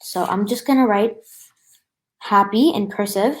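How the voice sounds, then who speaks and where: A woman's voice: mid-range voice, measured pace, low-quality recording. A woman hosting a craft tutorial at a table, talking casually through each step with many fillers and restarts. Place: indoors at a table.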